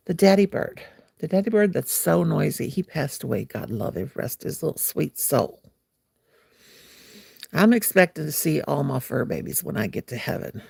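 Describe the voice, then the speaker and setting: A woman's voice: deep voice, lively intonation, moderate pace, vocal fry, darkish tone, breathy edge, no echo, clean studio sound. A woman hosting a crochet livestream from home, chatting playfully and slipping into sing-song as she works. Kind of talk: casual livestream chat while crocheting.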